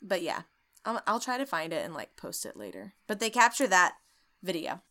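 A woman hosting a podcast, recapping a ghost-hunting show in an animated, sarcastic way and swearing freely. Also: on the low side, moderate pace. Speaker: podcast host. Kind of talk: comedic storytelling recap.

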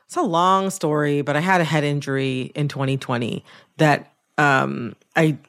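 A woman hosting a radio interview, speaking in a reflective, conversational way that thinks aloud with pauses. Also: low-pitched, fairly even intonation, creaky, fairly bright tone. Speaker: radio show host.

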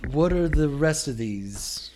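A man voicing a haughty middle-aged male council member, who speaks slowly and condescendingly. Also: a little high, animated, a little mellow, slight background noise, voice pushed up. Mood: disdainful. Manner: slow, condescending.

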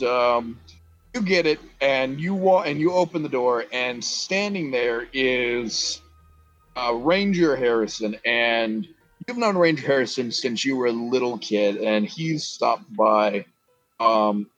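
A man's voice: medium pitch, unhurried, fairly bright tone, dry recording, highs cut off. A man running a tabletop game, narrating loosely with many fillers and restarts. His voice is close and dry, with faint music behind. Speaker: game master.

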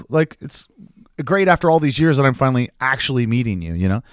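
A young man telling a story in a lively, swooping voice, acting out quoted people as he goes. The sound is dry and close, with no room around it. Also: mid-range voice, fast, no echo. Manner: animated, acts out quoted voices. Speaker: podcast co-host. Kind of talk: casual storytelling chat.

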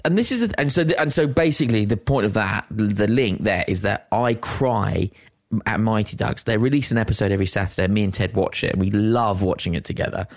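A young man, chatting as a podcast co-host in an animated, sweary, self-deprecating way. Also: fairly low pitch, brisk, no room sound, studio quality. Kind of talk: casual chat.

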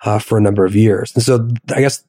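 A man's voice: fairly low pitch, fast, mellow, no room sound, studio quality. A man co-hosting a podcast, talking reflectively and often restarting his sentences. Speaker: podcast co-host. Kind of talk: reflective conversation.

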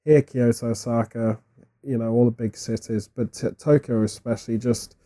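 A man's voice: medium pitch, normal speed. A man co-hosting a podcast who chats in a rambling, joking way and says he has a cold. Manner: rambling, jokey, animated asides. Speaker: podcast co-host. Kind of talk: casual podcast chat. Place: living in Japan.

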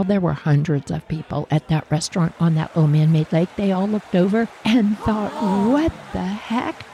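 A woman's voice: mid-range voice, background noise. A middle-aged woman telling a funny personal story, laughing often and acting out the quotes. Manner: animated, laughing, acts out quotes.

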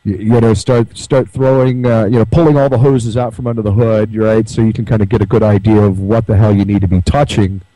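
A man's voice: on the low side, steady tone, a little fast, few pauses, dark tone, poor audio. A man hosting a talk radio show, chatting casually and rambling with many fillers and restarts. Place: remote broadcast from home.

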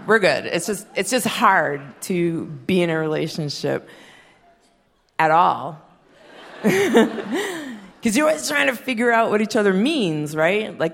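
A woman in her thirties doing a stand-up comedy set, blunt and profane, with sardonic deadpan punchlines. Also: medium pitch, gravelly. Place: stage before a live audience. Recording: hall reverb and faint hiss.

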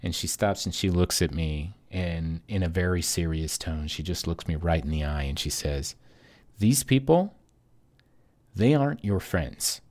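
A man's voice: very deep voice, level tone, moderate pace, hardly any pauses. A man hosting a solo podcast, telling a personal story in a reflective, hesitant way with many fillers. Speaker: podcast host.

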